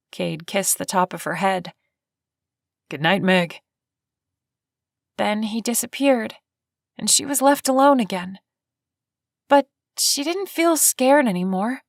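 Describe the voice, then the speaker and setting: A woman narrating a romance audiobook in measured, even storytelling. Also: medium pitch, dry recording, clean studio sound. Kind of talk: scripted narration.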